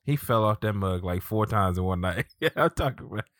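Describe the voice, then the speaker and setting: Laid-back man telling stories, low voice. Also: lively intonation, fairly quick, fairly bright tone, no room sound, clean studio sound. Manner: laid-back storytelling with many "like" fillers. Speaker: podcast co-host. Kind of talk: casual chat.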